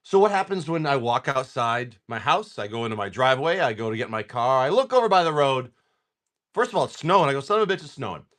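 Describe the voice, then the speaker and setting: A man's voice: mid-range voice, sing-song, brisk, a bit bright. A man hosting a live card-selling stream, chatting casually and telling a rambling, joking story. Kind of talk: casual chat.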